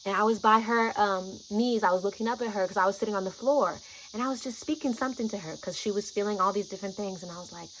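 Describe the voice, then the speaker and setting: A woman vlogger casually telling a personal story to camera, soft and soothing when she quotes herself, rising sharply at shocking moments. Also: medium pitch, fairly even intonation, fast talker, noisy background.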